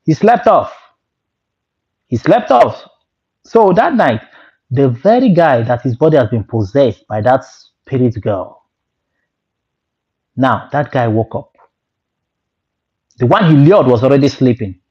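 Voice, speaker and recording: Animated Nigerian man telling a story. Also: medium pitch, slow pace, long pauses, slightly rough. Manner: animated, laughing, Pidgin asides. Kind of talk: casual storytelling. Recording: lo-fi dull sound.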